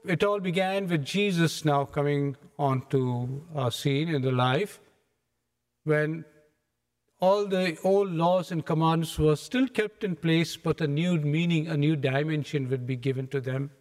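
Brief: male preacher, animated storyteller, fairly high voice, church with a long echo. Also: a little slow. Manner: animated storytelling, acts out scenes. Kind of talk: sermon. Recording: echoey hall.

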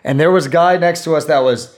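A man's voice: on the high side, fast talker. A man co-hosting a sports podcast in casual chat, rambling with lots of fillers. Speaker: podcast co-host.

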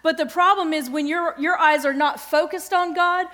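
Middle-aged lady teaching a bible lesson, high voice, earnest, keeps asking okay?. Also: steady tone, moderate pace, a bit bright.

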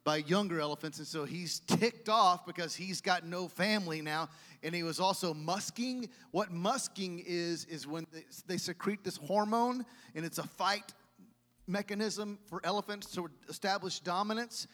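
High-voiced pastor preaching in a reverberant hall. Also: male voice, moderate pace. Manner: animated storytelling with asides to the congregation. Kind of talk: sermon. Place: church sanctuary. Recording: long church hall reverb.

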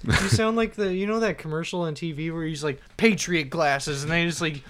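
A man guesting on a comedy podcast, tossing in quick jokes in casual chat. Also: on the high side, clean tone. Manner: quick jokey interjections.

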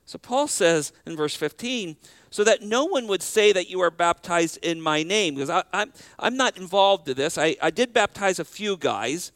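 A high-voiced male pastor delivers a sermon, leaning on key phrases by slowing right down and pressing them home. He often repeats a word as he restarts a thought. The sound is dry and close, with little room around it. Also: lively intonation, fairly bright tone, no echo. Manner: emphatic, slows down to stress key phrases, repeats words when restarting.

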